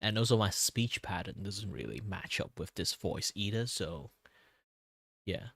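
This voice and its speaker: A young man whose first language is Cantonese rambles casually, full of fillers and restarts. His voice is low and relaxed, worn a little tired from long talking. The sound is dry and close to the mic. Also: measured pace, vocal fry, no room sound. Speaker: streamer. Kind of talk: casual chat while drawing.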